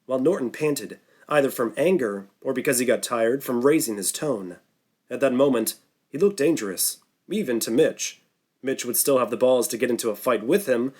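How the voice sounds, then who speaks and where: A man's voice: mid-range voice, a little mellow. Man narrating an audiobook. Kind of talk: scripted narration.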